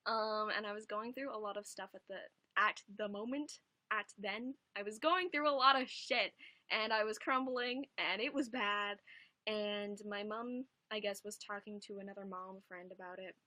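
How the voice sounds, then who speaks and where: A woman's voice: medium pitch, steady tone, moderate pace, pushed and bright, no echo. A young adult woman chatting casually on a home livestream, rambling and swearing casually.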